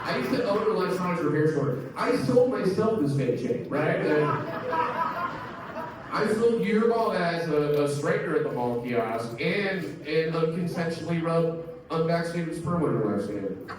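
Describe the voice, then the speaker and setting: A man in his thirties works a stand-up comedy set, loose and crude, stringing jokes together with a steady run of filler words. His voice sits slightly high. The sound carries a heavy club echo and comes from some way off the mic. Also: normal speed, recorded from a distance, noisy background. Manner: loose, crude, rambling with many "like"s.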